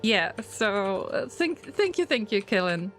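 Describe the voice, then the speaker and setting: A woman's voice: medium pitch, sing-song, unhurried. Chatty woman streamer, faint music. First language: not English. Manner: chatty, talks to her viewers. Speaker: game streamer. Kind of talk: casual livestream chat while gaming.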